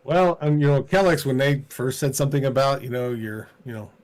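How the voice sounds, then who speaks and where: A man's voice: medium pitch, a little fast, a little mellow. Hesitant man playing at a tabletop game. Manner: hesitant, filler-heavy. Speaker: player. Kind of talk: casual chat at the game table.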